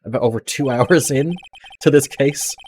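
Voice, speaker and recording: Casting: laid-back male streamer, wry remarks, mid pitch. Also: normal speed, darkish tone, slight background noise. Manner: wry, joking asides. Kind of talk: live game playthrough commentary.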